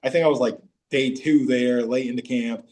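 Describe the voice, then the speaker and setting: A man in his forties, a former pro football player, telling animated stories as a podcast guest and breaking into high-pitched voices when quoting teammates. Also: normal speed, slight background noise. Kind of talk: casual storytelling interview.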